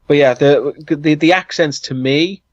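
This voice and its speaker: A man's voice: a little high, measured pace, no echo. Welsh man, podcast co-host, casual and chatty, dull dry lo-fi sound. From Wales. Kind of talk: casual chat.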